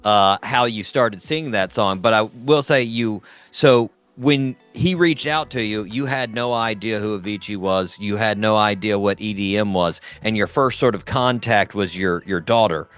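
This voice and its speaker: Low smooth-voiced host guy, easygoing, dry close mic. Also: normal speed, few pauses, a bit bright, no echo. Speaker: podcast host. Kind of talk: casual interview.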